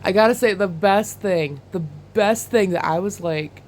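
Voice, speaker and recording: A young woman chats into her camera like she is telling a friend, excitable and rambling, with lots of "like" and "oh my God." Her voice sits at a middle pitch. A faint hum of room noise stays behind her. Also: normal speed. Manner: chatty and excitable, full of "like" and "oh my God"; bursts into laughter while recounting. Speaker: vlogger. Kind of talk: casual chat.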